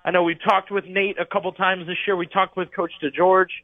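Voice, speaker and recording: A man's voice: high-pitched, flat delivery, brisk, dry recording. Young man on a tinny phone line. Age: 20s. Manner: eager, promotional. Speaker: radio sports reporter calling in. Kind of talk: casual radio talk.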